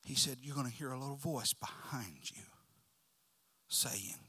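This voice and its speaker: A male preacher delivering a sermon, shifting from loud shouts to hushed whispers as he tells the story. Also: medium pitch, measured pace, husky.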